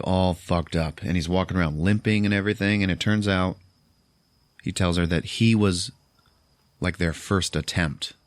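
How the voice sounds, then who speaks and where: A podcast host with a low voice, recorded with no echo, recaps a movie in a loose, casual, profane way, quoting characters in their voices as he retells it.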